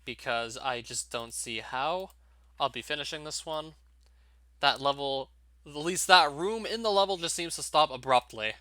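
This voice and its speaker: A man's voice: a little high, normal speed, bright, forceful tone, dry recording. A young man giving casual, wry gameplay commentary, often laughing and reading on-screen text aloud. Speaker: let's play commentator.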